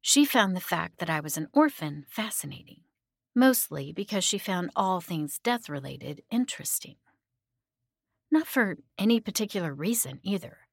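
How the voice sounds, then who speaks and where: A woman narrating a scripted horror story in the first person, soft-spoken and often dropping to a hushed whisper. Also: lowish voice, expressive, moderate pace, gravelly, no echo, clean studio sound.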